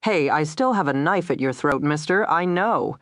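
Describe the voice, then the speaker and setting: A woman voicing a fierce young female agent trainee who talks sharply and crisply in an audiobook. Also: low-pitched, animated, normal speed, no echo, studio quality.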